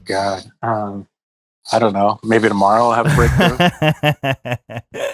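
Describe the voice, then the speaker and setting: A man's voice: lowish voice, slow, no echo, rough recording. Rambling storyteller man, dry sound. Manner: rambling, animated storyteller acting out quotes. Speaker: comedian guest. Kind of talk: casual podcast chat, storytelling. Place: West Hollywood.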